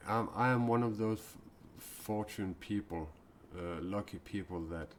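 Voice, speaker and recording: Low-voiced male spiritual speaker, halting and heartfelt, live-stream monologue. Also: slight background noise. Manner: earnest, confessional, halting. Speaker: self-described mystic and spiritual speaker. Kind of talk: improvised live-stream talk.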